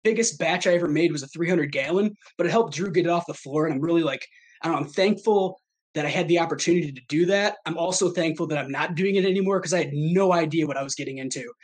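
A man in his thirties from Michigan speaks quickly in a husky voice on the high side. Appearing as a podcast guest, he chats casually in a rambling, self-deprecating way and laughs often.

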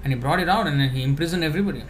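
A man giving a conversational spiritual talk, answering questions with many fillers and restarts, now and then laughing softly. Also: on the high side, very fast, slight background noise.

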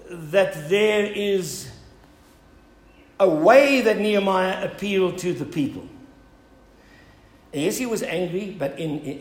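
A man's voice: high-pitched, vocal fry, a little mellow, reverberant, poor audio. A male pastor preaching an earnest sermon, building up to emphatic appeals and asking "Amen?".

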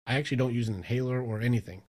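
A man who works as a mindset coach, chatting as a podcast guest and telling stories with lively acted-out inner dialogue. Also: mid-range voice, very fast. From Michigan, US. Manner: animated storyteller, acts out his own inner voice. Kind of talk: casual interview chat.

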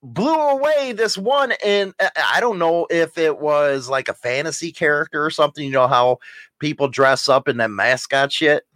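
A man's voice: a little high, normal speed, fairly bright tone, no echo. A man co-hosting a casual podcast with his wife, ranting and teasing with plenty of profanity. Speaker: podcast co-host. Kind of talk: casual banter.

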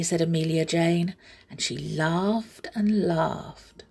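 A woman reading a children's story aloud with expressive, slow delivery and whispered asides. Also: on the low side, husky.

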